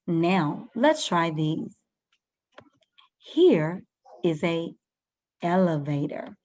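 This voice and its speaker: A woman's voice: on the low side, big pitch swings, extremely slow, darkish tone. A woman teaching a first-grade reading lesson, patiently sounding out words and guiding young children step by step.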